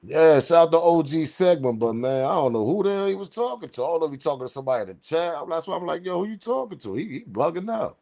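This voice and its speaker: A man hosting a casual livestream, reading the chat and talking in relaxed slangy street speech, his voice leaping high when he quotes himself. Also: fast talker, vocal fry, few pauses. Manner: animated, laughing, slangy street talk, pitch jumps high when quoting himself.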